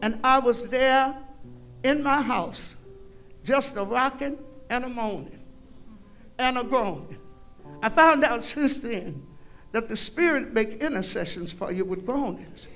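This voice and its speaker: A woman's voice: on the high side, unhurried, fairly bright tone, soft background music. An older woman, a guest singer telling a folksy, preachy testimony to a concert audience and breaking into hymn lines. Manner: preachy, folksy storytelling, calls out "y'all". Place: concert hall stage.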